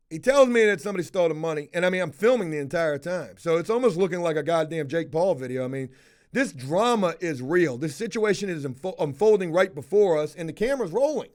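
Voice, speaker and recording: A man streaming live, telling a story in a casual way. He swears a lot and keeps breaking off to call out viewers in the chat. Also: high voice. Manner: profane and animated, calling out viewers in the chat.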